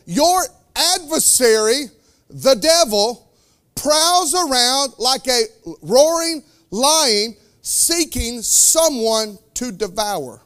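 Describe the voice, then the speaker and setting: A man preaching a sermon as pastor, with fervent delivery that swings between loud declarations and quiet, slowed asides. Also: very high-pitched, animated.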